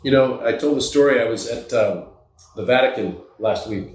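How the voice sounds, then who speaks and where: A man's voice: mid-range voice, normal speed, a little hiss or hum. A man who is a podcast guest, telling motivational stories in an emphatic and earnest way. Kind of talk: motivational storytelling. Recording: echoey room.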